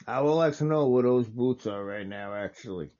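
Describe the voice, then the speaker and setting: A man's voice: medium pitch, normal speed, dark tone, dull audio. A man hosting a casual wrestling watch-along, talking over the match in a rambling, enthusiastic way and correcting himself often.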